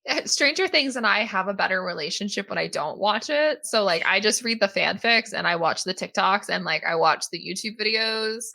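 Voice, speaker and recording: A woman's voice: medium pitch, animated, a little fast, vocal fry, few pauses, bright, forceful tone. A woman co-hosting a podcast in casual chat. She talks in a chatty, rambling way and laughs often. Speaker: podcast co-host.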